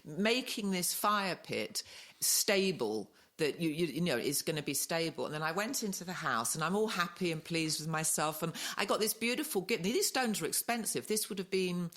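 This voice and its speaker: A woman's voice: on the low side, expressive, moderate pace, a bit bright. A middle-aged woman co-hosting a podcast, telling a story in casual chat and laughing often. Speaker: podcast co-host.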